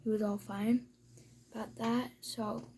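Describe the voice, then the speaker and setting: A woman's voice: mid-range voice, flat delivery, unhurried, warm tone, a little hiss or hum. A woman chatting casually in her room for a storytime vlog, rambling with lots of fillers and now and then slipping into a whisper. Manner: rambling, filler-heavy, sometimes dropping to a whisper. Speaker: vlogger.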